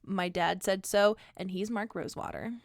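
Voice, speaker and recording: A woman's voice: mid-range voice, fairly even intonation, normal speed, no echo, studio quality. A woman co-hosting a livestream, chatting in a playful, teasing way and laughing often. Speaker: streamer and deck-building co-host. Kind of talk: casual chat.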